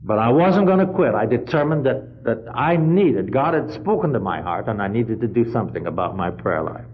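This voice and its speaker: A man's voice: on the low side, normal speed. Man preaching over a dull lo-fi recording. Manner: retells a story with frequent "he said", surging to loud emphatic peaks. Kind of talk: storytelling sermon.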